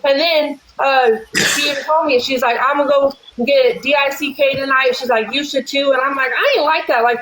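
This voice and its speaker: A woman in casual chat who talks fast and rambles, blunt and profane. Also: high-pitched, fairly even intonation, fairly bright tone, echoey room, low-quality recording. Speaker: livestream guest.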